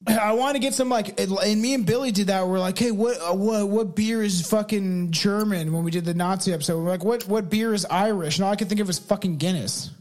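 A man's voice: high-pitched, a little fast, few pauses, a little mellow. A man hosting a podcast, chatting loosely and joking while drinking in a small studio. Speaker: podcast host. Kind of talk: casual chat.

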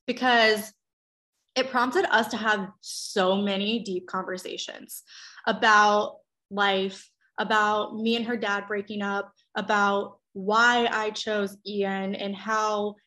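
A woman's voice: steady tone, slow pace, pushed and bright. A woman, a mother in her thirties, telling a personal story in candid casual chat, swearing freely and acting out quotes. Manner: chatty, swears freely, acts out quotes with big pitch jumps.

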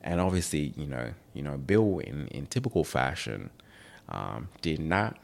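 A man's voice: extremely low pitch, big pitch swings, unhurried, creaky. A young man hosting a podcast, chatting casually in a rambling, joking, offhand way. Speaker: podcast host. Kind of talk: casual chat.

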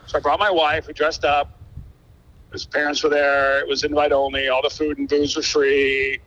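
Lively storytelling man, dull lo-fi sound. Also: on the high side, moderate pace. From Buffalo, New York. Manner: energetic, acts out quoted dialogue. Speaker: guest musician. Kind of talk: animated storytelling in casual conversation.

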